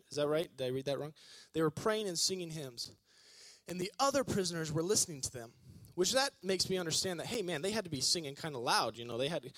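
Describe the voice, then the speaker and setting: A male preacher giving an energetic, joking sermon and calling on the congregation to respond. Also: sits high, no room sound. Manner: energetic, joking, calls on the audience.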